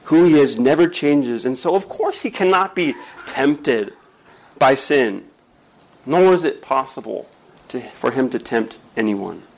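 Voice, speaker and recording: A man's voice: mid-range voice, expressive, unhurried, poor audio. A man preaching a sermon as a pastor, telling stories emphatically and asking rhetorical questions.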